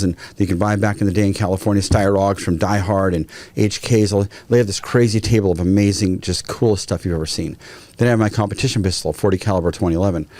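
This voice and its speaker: A man, a guest firearms trainer, telling stories in a casual, animated way and acting out quotes. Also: fairly low pitch, no room sound. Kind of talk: casual storytelling.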